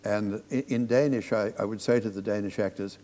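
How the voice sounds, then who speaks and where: A man's voice: lowish voice, fairly even intonation, fairly quick, mellow, long reverb tail. Older man telling theatre anecdotes. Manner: reflective anecdotal storyteller. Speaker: stage director, guest. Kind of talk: live on-stage conversation. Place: theatre platform before an audience.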